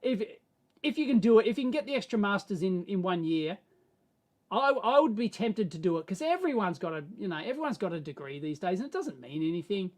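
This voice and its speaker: An Australian man hosting a live stream, answering viewer questions in a rambling, animated way that swings between mumbled asides and excited bursts. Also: high voice, fairly quick. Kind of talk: casual live-stream chat.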